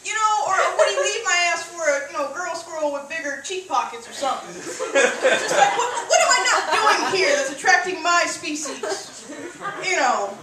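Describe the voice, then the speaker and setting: Her voice is extremely high and sing-song, moving at a moderate pace as a young woman tears through a crude, in-your-face comedy routine with punchy timing. Crowd noise is audible, and the mic sits far away in an echoey room.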